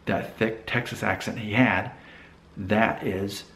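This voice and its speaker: A man's voice: fairly low pitch, steady tone, slow, a bit bright, echoey room. A man in casual vlog talk, rambling a little, with restarts and asides. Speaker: vlogger. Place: Nashville.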